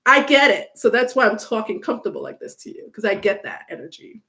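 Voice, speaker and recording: A woman's voice: fairly high pitch, animated, fast, sharp tone. A woman giving a casual live-stream tarot reading, chatty and blunt, cursing freely and laughing often. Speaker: tarot reader.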